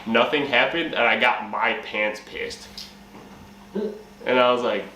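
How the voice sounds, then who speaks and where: A young man who hosts a channel recounts a funny story without hurry in a sharp, medium-pitched voice, cursing, laughing and acting out what he said. The room is echoey with faint ambient noise.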